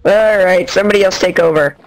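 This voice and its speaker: A man in casual game chat, joking around and quick to back off. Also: high voice, background noise. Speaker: gamer.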